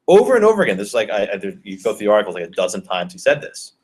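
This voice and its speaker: A man's voice: on the low side, wildly swooping pitch, racing, darkish tone, breathy edge. A male law professor giving a conversational classroom lecture and questioning his students.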